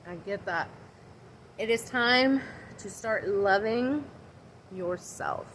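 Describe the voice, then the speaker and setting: A woman's voice: medium pitch, slow pace, fairly bright tone, a little hiss or hum, rough recording. A woman giving a casual tarot and oracle card reading on a livestream from outside her house. She chats and rambles and talks to her viewers by name.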